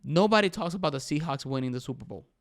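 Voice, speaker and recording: A man's voice: a little high, expressive, fast talker, dry recording, studio quality. A young man hosting his own podcast, talking casually and emphatically and saying "bro" often. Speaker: podcast host. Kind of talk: casual solo podcast commentary.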